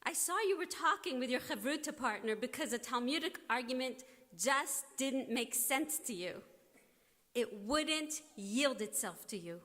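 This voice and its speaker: A woman rabbi delivers a formal blessing and tribute, her fairly high voice slow and deliberate. She lets whole phrases fall to a near hush. The long reverb of a big hall carries every word. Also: animated. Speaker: rabbi giving an installation tribute.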